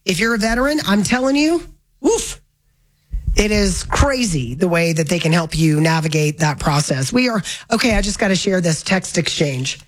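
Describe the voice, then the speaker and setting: A woman hosting a talk radio show, chatting briskly and correcting herself mid-sentence. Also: on the low side, poor audio. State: hiccups. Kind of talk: casual talk radio chat.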